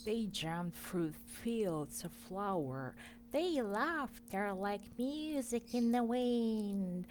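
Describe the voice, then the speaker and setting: A woman reads a children's picture book aloud at a very slow pace. Her reading is informal, with stumbles and self-corrections along the way. A faint hum sits under her voice. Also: mid-range voice, animated, darkish tone. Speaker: reader.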